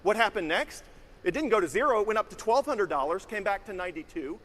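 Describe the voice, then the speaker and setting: A man giving scripted, measured narration in a lecture-like explainer clip that is being played back. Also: sits high, expressive, a bit bright, in a large hall.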